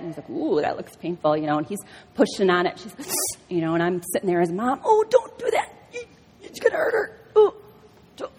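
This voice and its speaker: A middle-aged woman giving a personal testimony sermon at a church, telling stories and acting out the voices in them. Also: on the low side. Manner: animated storytelling, acts out quotes. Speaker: speaker at a church service. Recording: reverberant hall.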